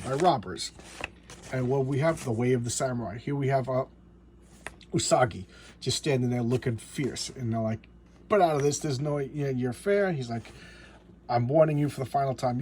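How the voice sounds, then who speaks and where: A man reviewing a comic book in casual talk, halting and repeating words as he enthusiastically walks through the story. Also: a little high, breathy edge.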